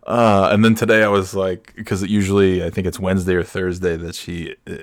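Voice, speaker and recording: A man's voice: sits low, flat delivery, fairly quick, dry recording, studio quality. A man in his forties hosting a podcast, telling a rambling story and often chuckling at himself. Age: 40s. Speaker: podcast host. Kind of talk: casual storytelling.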